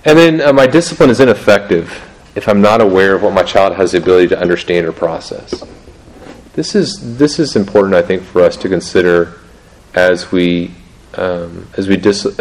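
Man, middle-aged, very low voice, halting, frequent restarts, self-deprecating laughs, casual teaching talk. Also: low-quality recording.

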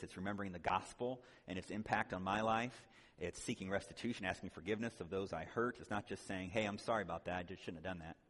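A man's voice: fairly low pitch, in a large hall. A man speaking at a conference, teaching in a conversational way, often checking in with "right?" and adding joking asides. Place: conference hall.

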